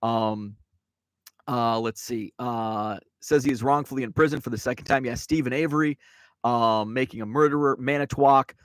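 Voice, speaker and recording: A man of ordinary pitch chats loosely on his live stream, stopping to read out viewer comments. His talk wanders with many ums and restarts, and the sound is close and dry with no room around it. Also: moderate pace, no echo. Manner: rambling, many fillers and restarts; reads viewer chat aloud. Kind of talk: casual live-stream chat. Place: Wisconsin home.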